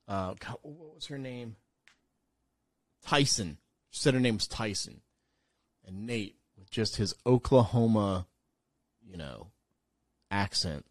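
A man's voice: on the low side, no echo. A man co-hosting a podcast, telling a long casual anecdote with lots of fillers and some swearing. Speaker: podcast co-host and former radio DJ. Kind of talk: casual chat, storytelling.

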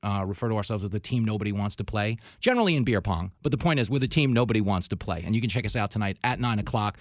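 A man's voice: fairly low pitch, animated, fast talker, hardly any pauses, no echo. A man from Long Island, hosting a casual comedy show, joking and sarcastic about himself and the news. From Long Island, New York. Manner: joking, sarcastic, self-deprecating. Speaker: podcast host.

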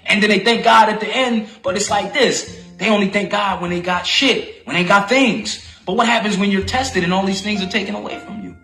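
A man's voice: high voice, a little fast, sharp tone, reverberant, faint music behind. A man giving a casual, profane sermon in street slang, reading scripture aloud and calling for responses. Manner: slangy, preachy, call-and-response. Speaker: street preacher.

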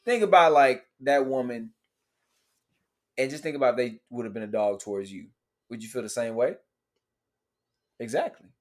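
A man's voice: mid-range voice, normal speed, long pauses. A young man hosting a casual podcast, laid-back, swearing and laughing easily. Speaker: podcast host. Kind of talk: casual chat.

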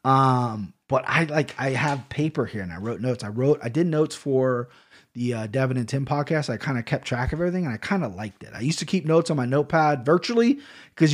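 A man in his thirties hosting a solo podcast, rambling and excitable with lots of swearing and restarts. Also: a little high, a little fast. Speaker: podcast host. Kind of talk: casual solo podcast monologue.

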